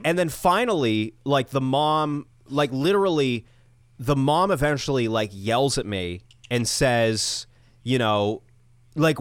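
A man's voice: mid-range voice, animated, slow pace, clean tone, no echo, studio quality. A young man co-hosting a podcast, telling an exasperated story with lots of swearing. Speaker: podcast co-host. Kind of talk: casual storytelling chat.

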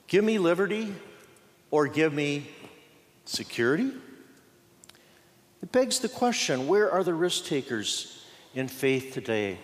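Guy pastor giving a sermon, folksy and jokey, big echoey church sound. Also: medium pitch. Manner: folksy, dramatic pauses, playful asides. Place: church sanctuary. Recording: long church reverb.

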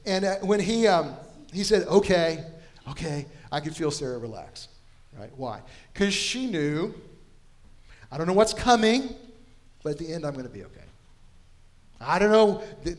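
A middle-aged male pastor preaching a sermon in a conversational, anecdotal way, with self-deprecating asides. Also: a little high. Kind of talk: storytelling sermon.

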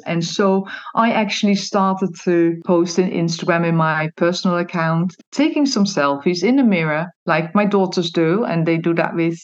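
Casting: woman guest, somewhat low voice, chatty and animated, dull lo-fi call audio. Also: moderate pace. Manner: chatty and animated, laughs often, restarts words. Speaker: podcast guest. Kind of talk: interview conversation.

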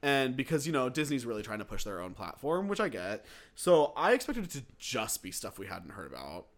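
A man's voice: medium pitch, brisk. A young man co-hosting a casual podcast chat, talkative and sarcastic in an offhand way. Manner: chatty and lively, with dry sarcastic asides. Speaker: podcast co-host.

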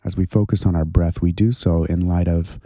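A man leading a slow, gentle guided contemplative prayer and breathing exercise. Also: low-pitched, fairly even intonation, no echo, clean studio sound. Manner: slow, gentle, soothing guidance.

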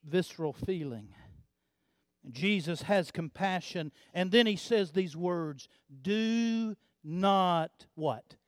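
A male pastor preaches a sermon, swinging between hushed, low passages and loud, emphatic build-ups, often repeating words as he builds. The studio-quality recording has no echo.

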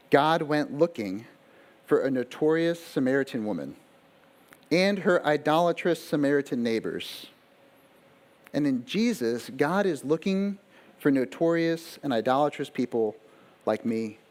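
A pastor delivers a sermon in a middle pitch, speaking casually and conversationally to his congregation. He checks in with them often, poses frequent rhetorical questions, and repeats a phrase for emphasis. His delivery alternates between slow, weighty lines and quick asides.

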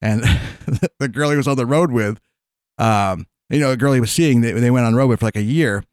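A man chats casually in a smooth, mid-range voice, speaking a little fast and laughing mid-sentence as he spins long, rambling stories packed with fillers and restarts. The recording is studio quality with no echo.

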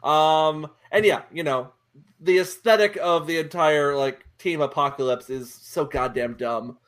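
A man's voice: fairly high pitch, a little slow, fairly bright tone. A man co-hosting a casual movie podcast, opinionated and peppering his talk with fillers. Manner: opinionated, fills with "like". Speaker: podcast co-host.

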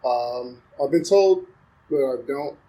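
A man's voice: medium pitch, slow pace, mellow, low-quality recording. A man from the American South, a podcast guest chatting casually and laughing easily. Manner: easygoing, laughs often, self-deprecating humor.

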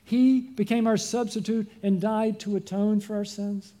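A man's voice: high voice, fairly even intonation, moderate pace, dark tone. A male pastor delivering a sermon, asking the congregation rhetorical questions.

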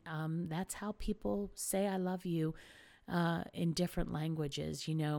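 A woman's voice: sits low, gravelly, dark tone. A middle-aged woman talking earnestly and conversationally about women supporting each other, with frequent fillers. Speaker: speaker encouraging women. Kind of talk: casual heartfelt talk.

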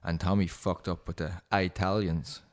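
Low voiced guy, sweary laid back podcast banter. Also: flat delivery, moderate pace. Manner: swears freely, banters and laughs. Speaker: podcast co-host. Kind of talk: casual chat.

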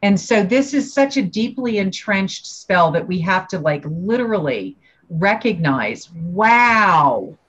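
A woman, a parenting trainer, telling personal stories in an animated way and acting out the voices. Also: medium pitch, slow, breathy edge. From United States. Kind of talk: personal storytelling in conversation. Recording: dull lo-fi sound.

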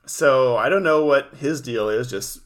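A man's voice: medium pitch, measured pace. A male podcast co-host chatting casually about an episode, with dry, sarcastic, offhand remarks. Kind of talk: casual episode recap chat.

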